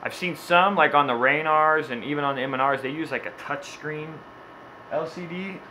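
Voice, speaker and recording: A man's voice: a little high, normal speed, background noise. A man who works as a screen printer, talking casually to the camera in his shop and telling stories by acting out the people in them. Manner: rambling storyteller, acts out quotes.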